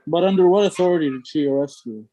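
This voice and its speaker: A man joins a casual chat and asks skeptical, probing questions. His voice sits somewhat high for a man. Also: quick pace, mellow, highs cut off, soft background music.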